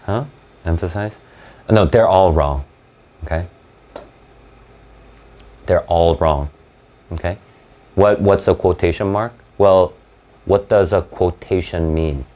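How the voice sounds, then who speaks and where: A man's voice: deep voice, slow, long pauses, mellow. A man teaching an SAT class, explaining in bursts and checking in with "right?" and "okay?". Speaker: SAT tutor. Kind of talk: live online class lecture.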